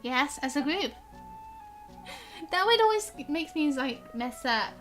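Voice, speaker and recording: A young woman live-streaming a game, reading its dialogue aloud with a high, bright voice. She chats in a bubbly way and laughs off her stumbles. Faint game music sits behind her. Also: expressive, takes it slowly. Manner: chatty, bubbly, stumbles on words and laughs at herself. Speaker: gaming streamer.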